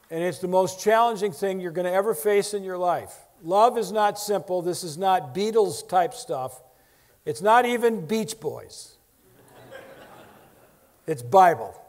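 A man's voice: high voice, darkish tone. A man giving a Bible lecture in an emphatic, joking, teacherly way, stressing key words. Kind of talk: lecture sermon. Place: large lecture hall. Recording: echoey auditorium reverb.

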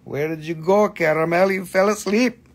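A man's voice: sits high, moderate pace. A man casually hosting a live-stream crystal sale, joking around, swearing loosely and repeating himself. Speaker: host selling crystals.

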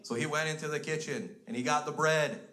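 A man's voice: a little high, a little fast, bright, forceful tone. Crude, exasperated stand-up comedian man. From Canada. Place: comedy stage before a live audience. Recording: live show with audience noise. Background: audience laughter.

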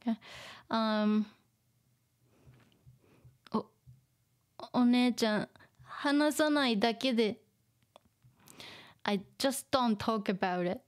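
Woman teaching through a manga, slow and repetitive. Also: fairly high pitch. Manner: explains slowly, repeats words, laughs often. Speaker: Japanese teacher. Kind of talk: manga reading lesson.

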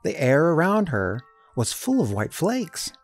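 Male storybook reader, fairly high, very expressive, soft music bed. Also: a little slow. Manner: lively, animated character voices. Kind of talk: storybook read-aloud.

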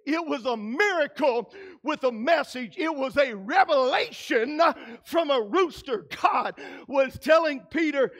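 A pastor preaching a sermon, emphatic and building to shouts, who acts out quoted voices in his own voice. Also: very high voice, lively intonation, moderate pace.

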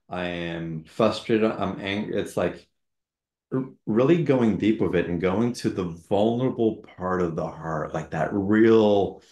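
A man hosting a conversation, reflective and measured as he thinks aloud. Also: low voice, creaky, a little mellow. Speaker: host. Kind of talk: conversational interview. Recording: roomy echoey room sound.

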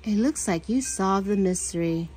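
A woman's voice: medium pitch, normal speed, warm tone, soft background music, lightly acted, poor audio. Woman doing a hotel manager guy, earnest, asking questions, storybook voice.

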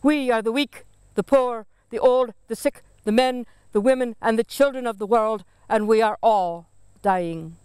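A woman's voice: on the low side, slow pace, pauses often, a little mellow, smooth, no room sound, studio quality. A woman voicing a chorus of dead famine souls, chanting a repetitive, accusing lament in a poetry reading. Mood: mournful chant.

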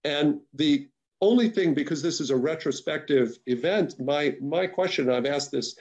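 A man with a fairly high voice speaks at normal speed, a little mellow in tone, on a muffled recording. As a discussant on a policy webinar panel, he offers unscripted remarks, earnest and emphatic, stumbling through restarts and repeated words.

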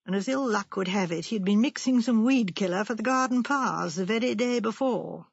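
A woman's voice: mid-range voice, fairly quick, creaky, husky, dry recording. A woman reading the lines of a blunt older colonel telling a story, in plain matter-of-fact narration. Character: retired English colonel, older man, blunt. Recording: muffled lo-fi.

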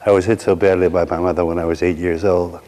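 A middle-aged man from Brooklyn preaches through a personal story in a somewhat low voice. He slows for dramatic pauses and drops in wry asides. His words carry a long reverb from a large hall. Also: little pitch movement, dark tone. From Brooklyn, New York. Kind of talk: sermon storytelling.

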